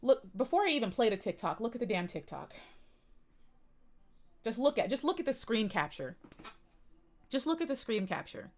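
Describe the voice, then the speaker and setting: A woman's voice: fairly high pitch, big pitch swings, moderate pace, pauses often. Impassioned woman streamer near tears. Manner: impassioned, repeating herself, voice rising and dropping. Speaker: pageant commentary streamer. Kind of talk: emotional live-stream rant.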